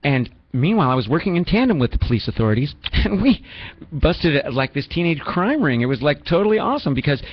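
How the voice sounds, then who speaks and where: A man's voice: fairly high pitch, big pitch swings, fast, husky. A man hosting a call-in radio show, rambling and teasing his callers with self-mocking jokes. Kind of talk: joking call-in radio banter. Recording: dull lo-fi radio recording with faint music.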